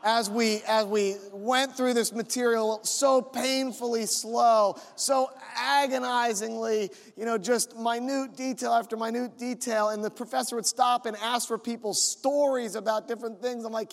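High-pitched pastor guy telling stories in his sermon, big church reverb. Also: normal speed. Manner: animated storytelling, conversational.

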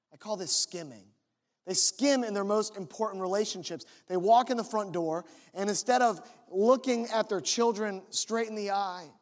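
High-voiced pastor preaching in a hall. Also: male voice. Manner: animated storytelling, conversational. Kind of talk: sermon.

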